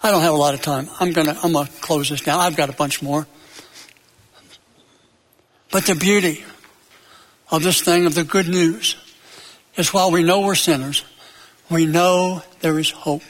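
A male preacher delivers his sermon with a high-pitched voice that carries through a reverberant hall. He builds to loud peaks, then drops low and quiet. Now and then he breaks off into a joke or a story. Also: fairly even intonation, normal speed, long pauses. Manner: tells jokes and stories.

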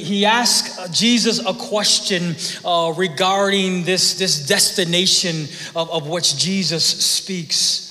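A male pastor preaches in a slow, unhurried sermon. His voice is somewhat high and bright. He often stumbles and repeats words, and a long reverb trails behind him in the hall.

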